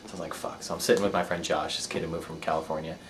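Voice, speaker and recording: A man's voice: extremely low pitch, little pitch movement, very fast, background noise. A man telling a rambling, profane story about himself, laughing at his own mishaps. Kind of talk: casual personal storytelling.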